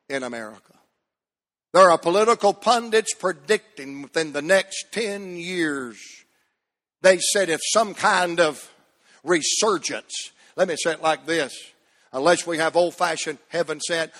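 A man preaching a fervent sermon, swinging from shouts down to low murmurs. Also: long reverb tail. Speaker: pastor. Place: church sanctuary.

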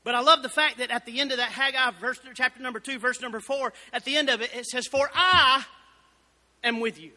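Preacher guy, really high bright voice, fired up and shouting, big echoey church. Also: fairly even intonation, quick pace, few pauses. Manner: fervent, builds to shouting exclamations. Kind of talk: Southern Baptist sermon. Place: church sanctuary. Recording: reverberant church hall.

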